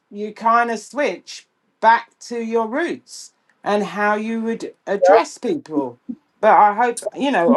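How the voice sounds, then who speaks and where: London-accented woman co-host, measured delivery, some hesitant fillers, easygoing chat. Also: mid-range voice. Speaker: podcast co-host. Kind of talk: casual chat.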